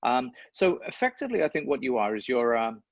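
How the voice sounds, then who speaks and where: Speaking a little fast with big pitch swings, this medium-pitched sports broadcaster reflects aloud in an interview. He repeats words often as he thinks, and the lo-fi recording sounds dull, with no echo.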